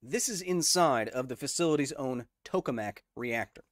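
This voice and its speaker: A man's voice: medium pitch, animated, normal speed, slight background noise. A man hosting a casual livestream, explaining science conversationally, checking in with viewers and answering their chat messages. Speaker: host.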